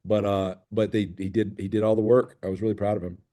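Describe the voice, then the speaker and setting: A man's voice: fairly low pitch, little pitch movement, fast, warm tone. A middle-aged man, a film director guest, telling stories eagerly with many restarts in an interview. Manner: enthusiastic storytelling with many restarts. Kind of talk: interview chat.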